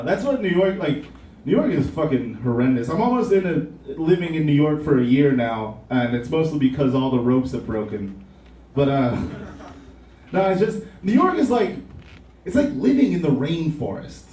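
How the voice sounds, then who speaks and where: A man's voice: a little high, big pitch swings, moderate pace, mellow, slight background noise. A young man doing a rambling, profane, self-mocking stand-up comedy set on a club stage. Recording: roomy club sound from a distance.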